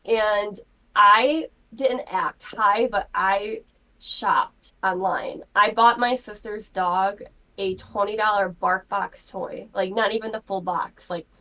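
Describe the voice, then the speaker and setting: A woman's voice: mid-range voice, fairly even intonation, slow pace, bright, forceful tone, poor audio. A woman co-hosting a live podcast, casually reading out drunk texts and giggling as she tells them. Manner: giggly storytelling, many "like" fillers. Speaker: podcast co-host. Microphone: live podcast mic.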